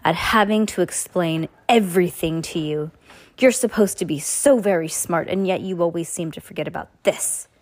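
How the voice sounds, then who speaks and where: A woman's voice: on the low side, moderate pace, close to an everyday voice. Woman doing a sneering, menacing villain. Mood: snarling. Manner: sneering, threatening. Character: menacing scheming adult male villain.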